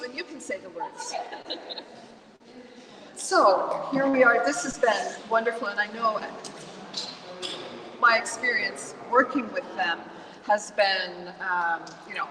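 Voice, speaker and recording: A woman's voice: medium pitch, far from the mic. Chatty American woman in an echoey hall. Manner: chatty, animated storyteller. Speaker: volunteer guest. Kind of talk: live event conversation.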